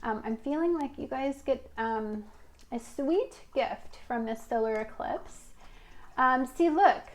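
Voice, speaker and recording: A woman's voice: high voice, lively intonation, takes it slowly. A woman giving a casual tarot reading, talking in a chatty, rambling way with fillers. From Washington state. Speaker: tarot reader.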